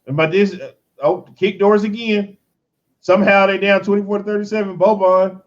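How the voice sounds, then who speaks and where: A man hosting a casual fan show, commenting on game highlights in an animated, exasperated, joking way. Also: normal speed, muffled recording.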